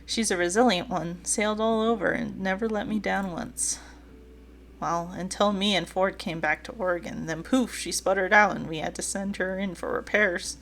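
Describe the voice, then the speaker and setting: List: woman playing a joking old man with a boat, light Southern drawl, folksy and teasing, dating game, mid-pitched. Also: steady tone, normal speed, a bit bright, a little hiss or hum, lightly acted. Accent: light put-on Southern drawl. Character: folksy joking older male boat owner. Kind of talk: dating game read-aloud.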